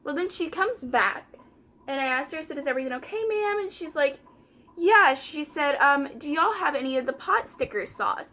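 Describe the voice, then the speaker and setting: A woman's voice: sits high, expressive, normal speed, bright, forceful tone. A young woman, chatting casually while doing her makeup and retelling a story by quoting customers and coworkers. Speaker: vlogger.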